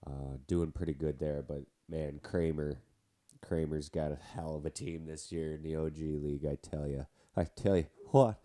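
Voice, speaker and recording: A man with a heavy cold talks sports on his own show, his voice stuffed-up and nasal. It sits very low and mellow as he rambles on with side remarks about his teams. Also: steady tone, normal speed. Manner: chatty, rambling with asides. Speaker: podcast host. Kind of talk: casual sports podcast talk.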